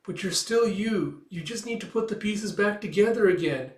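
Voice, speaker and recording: A man voicing a timid young fox girl from a comic, with a soft, raised voice. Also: high voice, moderate pace, roomy sound, voice pushed up, close to an everyday voice. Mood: gentle.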